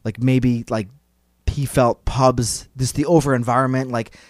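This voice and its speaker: A man's voice: mid-range voice, fairly even intonation, unhurried, no room sound, studio quality. A man hosting a podcast, telling a story in a casual, rambling, playful way full of "like" fillers. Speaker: podcast host. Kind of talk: casual chat.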